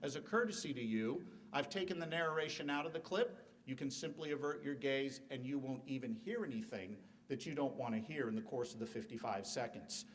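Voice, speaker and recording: A man's voice: mid-range voice, fairly quick, hardly any pauses, recorded from a distance, a little hiss or hum. A middle-aged man giving a formal debate speech in a university hall, emphatic, with rhetorical questions and joking asides. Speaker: debate speaker.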